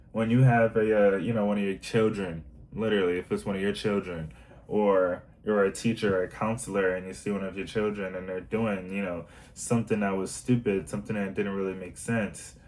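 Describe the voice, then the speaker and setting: A man's voice: lowish voice, a little mellow, poor audio. A man talking in a casual self-help monologue, earnest and rambling with many fillers.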